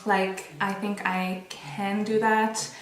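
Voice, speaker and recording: A woman's voice: medium pitch, little pitch movement, slow, roomy sound, background noise. A young woman chatting candidly while getting ready, rambling with many restarts, recorded on a built-in camera mic. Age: young adult. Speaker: beauty vlogger. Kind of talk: casual get-ready-with-me chat.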